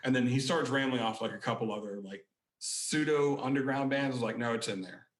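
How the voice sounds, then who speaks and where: A man's voice: medium pitch, a little fast. Man telling rambling stories, roomy sound. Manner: rambling anecdotes with acted-out quotes. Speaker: podcast guest, book collector. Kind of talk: casual storytelling.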